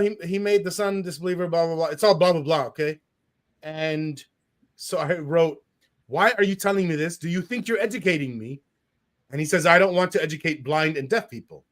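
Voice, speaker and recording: Man, high voice, animated, indignant, casual talk, reading comments aloud. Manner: animated, indignant, laughs while talking. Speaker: podcast host.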